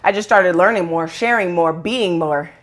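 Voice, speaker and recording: A woman's voice: fairly low pitch, normal speed. Woman, casual monologue, blunt and profane, rambling, heated. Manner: rambling with restarts, acts out quoted voices. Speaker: online video host.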